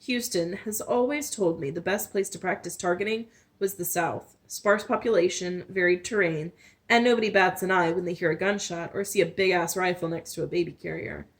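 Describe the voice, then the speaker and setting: Woman reading a story in a lowish voice. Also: a little fast. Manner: first-person narration with small slips and restarts. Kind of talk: reading a novel aloud.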